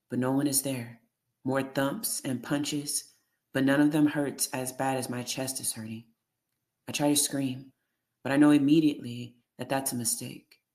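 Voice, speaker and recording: Flat, steady memoir reader. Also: mid-range voice. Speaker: audiobook reader. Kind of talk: first-person memoir reading.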